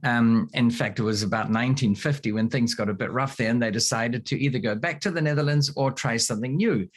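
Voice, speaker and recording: Guest role: New Zealand-accented man in his 60s, wry anecdotal storyteller, mid-pitched voice. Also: a little fast. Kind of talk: storytelling interview answers.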